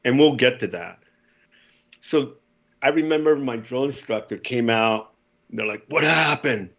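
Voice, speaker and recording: A man in his fifties from the United States, a podcast guest telling lively war stories and acting out the voices. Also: mid-range voice, unhurried, highs cut off. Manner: animated storyteller, acts out voices, laughs often. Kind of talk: casual storytelling.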